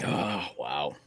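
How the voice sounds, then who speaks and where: A man's voice: rumbling low, slightly rough, dry recording. A man hosting a live stream, chatting casually with a co-host, hesitant and often chuckling. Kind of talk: casual chat.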